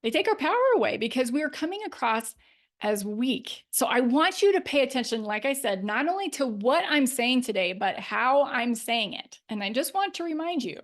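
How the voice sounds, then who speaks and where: Podcast host: middle-aged woman life coach, upbeat and emphatic, laughs often, pitched a little high. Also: expressive, moderate pace. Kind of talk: solo podcast talk.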